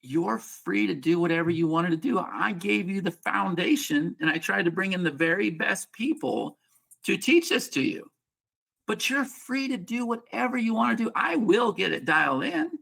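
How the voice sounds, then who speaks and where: A man's voice: high-pitched, animated, moderate pace, creaky, fairly bright tone. Teasing man on a call. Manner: joking, teasing, folksy. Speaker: host of a training call. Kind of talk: casual teaching on a group call. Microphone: video call.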